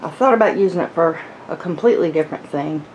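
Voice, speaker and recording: A woman's voice: low voice, fast talker, darkish tone, highs cut off, a little hiss or hum. A woman hosting a casual crochet tutorial from her floor at home, a little out of breath, chatty and rambling, laughing at herself. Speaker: crochet channel host.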